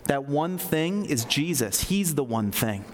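A man's voice: fairly high pitch, expressive, measured pace, soft background music. A man preaching a sermon in a conversational way, with fillers and asides. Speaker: pastor. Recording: long reverb of a large hall.

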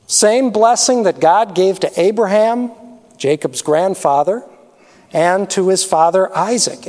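A pastor preaches in a conversational way, posing questions to his listeners. His voice is high-pitched and slightly mellow, and the recording carries a long hall reverb.

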